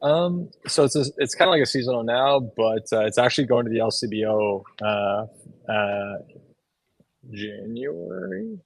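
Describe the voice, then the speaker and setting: A man's voice: mid-range voice, animated, normal speed, gravelly, rough recording. A man from Canada, a podcast guest, talking in a chatty, upbeat and self-deprecating way. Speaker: brewery guest. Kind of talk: casual podcast chat.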